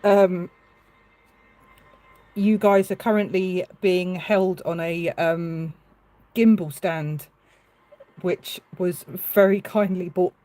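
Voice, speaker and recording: A woman's voice: fairly low pitch, fairly even intonation, slow, long pauses, mellow, rough recording. A woman chatting on a live stream as she paints, hesitant and full of fillers and restarts. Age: adult with a child. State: tearful at moments. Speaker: livestreaming artist. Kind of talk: casual live-stream chat.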